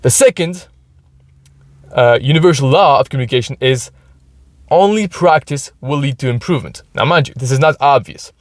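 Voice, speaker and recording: A man's voice: medium pitch, animated, moderate pace, no room sound. A man hosting a casual solo podcast from inside his car. He talks loosely, often restarts his words and ends sentences with "right?". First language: French. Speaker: podcast host.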